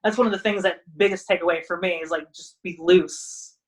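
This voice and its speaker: A woman's voice: lowish voice, brisk, rough recording. Rambling woman wrestler guest. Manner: rambling, many "like" fillers; acts out others' lines in animated voices. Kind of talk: casual podcast chat.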